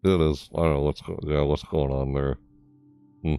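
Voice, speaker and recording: A man giving a casual, rambling commentary on a video game, full of fillers, his voice jumping high when surprised. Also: fairly even intonation, moderate pace, vocal fry, warm tone, clear, resonant tone, soft background music. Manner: rambling, easily amazed, many fillers. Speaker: gaming YouTuber.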